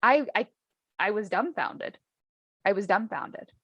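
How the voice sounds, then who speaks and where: A woman chatting casually about her own life, acting out the people in her stories with lively voices. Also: medium pitch, measured pace, husky, no room sound, dull audio. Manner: animated, acts out dialogue in lively voices. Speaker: podcast host, guest. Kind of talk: casual storytelling chat.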